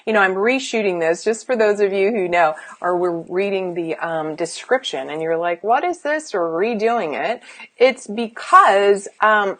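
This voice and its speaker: A woman's voice: mid-range voice, fairly bright tone. A middle-aged woman, a life coach, sitting indoors and giving an emphatic, chatty live-streamed motivational talk with sighs and restarts.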